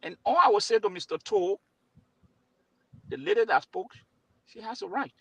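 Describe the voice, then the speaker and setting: A man's voice: sits high, big pitch swings, normal speed, vocal fry, bright, forceful tone, husky, dry recording, poor audio. A man arguing as a commentator on a political talk show, retelling events and repeating words. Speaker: panel guest, right-leaning commentator. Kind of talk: heated political debate.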